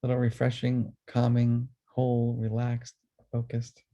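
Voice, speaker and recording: A man presenting a webinar on emotions, speaking earnestly and then guiding listeners through a calm, slow breathing exercise. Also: medium pitch, highs cut off.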